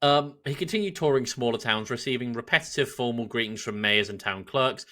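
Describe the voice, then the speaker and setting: A man's voice: medium pitch, a little fast, sharp tone. A man with an English accent, co-hosting a podcast, telling a historical story in a casual chat and laughing often. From England. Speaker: podcast co-host.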